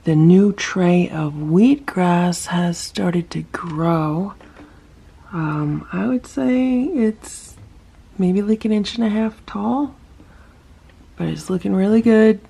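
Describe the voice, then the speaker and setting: Slow, gravelly-voiced woman chatting about her cats. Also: medium pitch, dark tone. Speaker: cat rescuer vlogger. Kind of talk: casual home vlog narration.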